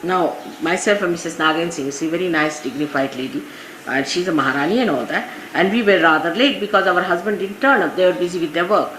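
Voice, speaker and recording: Speaking quickly in a fairly bright, lowish voice, an Indian woman with an Indian English accent gives her followers a casual spiritual talk. She tells anecdotes, frequently adding "you see," on an echoey 1980s archive recording with light hiss.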